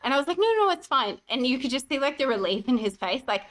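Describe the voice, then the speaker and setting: A woman's voice: high voice, fast, rough recording. A pregnant woman, co-hosting a podcast and chatting casually, acting out the voices in her stories. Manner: animated storyteller, acts out quoted voices. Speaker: podcast co-host. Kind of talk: casual chat.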